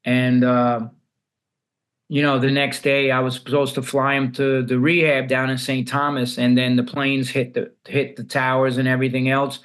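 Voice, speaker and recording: A man's voice: mid-range voice, flat delivery, moderate pace, a bit bright. Blunt, profane storytelling man. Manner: blunt and profane, with frequent restarts. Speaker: podcast guest. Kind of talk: candid storytelling in conversation.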